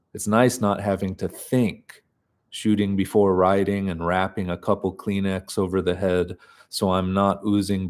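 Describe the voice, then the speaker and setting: A man reading a novel aloud in an unhurried, deadpan way. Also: sits low. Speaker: reader of a novel.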